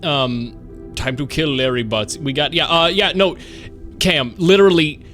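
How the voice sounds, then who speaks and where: A man chatting casually to his live-stream audience, rambling and excitable, swearing freely. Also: a little high, unhurried, soft background music.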